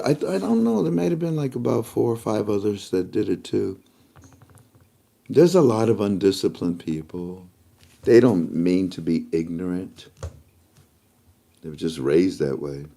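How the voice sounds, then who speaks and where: Man, rambling emotional vlogger, warm and dark tone. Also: fairly low pitch, gravelly. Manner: rambling and emotional, breaks into laughter. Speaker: video blogger. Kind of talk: casual rambling monologue to camera.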